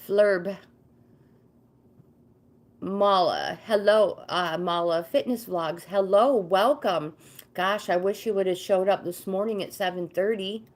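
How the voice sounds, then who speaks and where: Slow-talking woman reading tarot live. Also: medium pitch. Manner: chatty, easily sidetracked, greets viewers by name. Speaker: livestream host and tarot card reader. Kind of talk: casual livestream chat with card readings.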